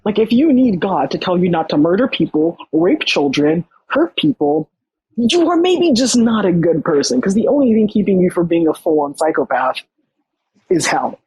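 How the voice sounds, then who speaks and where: Young woman podcast guest, casual storyteller, husky breathy voice, dead-dry recording. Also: mid-range voice, moderate pace, no echo, rough recording. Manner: animated, frequent fillers and quoted dialogue.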